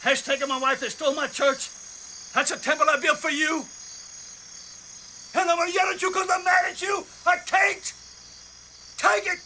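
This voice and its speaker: An actor playing a middle-aged preacher who pleads and shouts in prayer, in a film clip. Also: male voice, very high voice, full character voice, low-quality recording. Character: anguished preacher man shouting at God. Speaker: film character.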